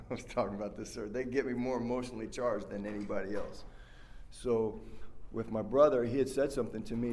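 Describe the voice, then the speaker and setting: A man's voice: on the low side, warm tone, a little hiss or hum. A man giving a rambling, heartfelt personal share as a speaker at a recovery workshop, full of fillers and restarts. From West Virginia.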